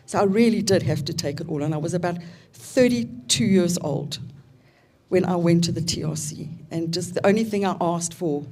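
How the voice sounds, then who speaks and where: A South African woman in her fifties, giving a reflective personal testimony as an invited seminar speaker, with pauses and fillers. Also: lowish voice, a little mellow.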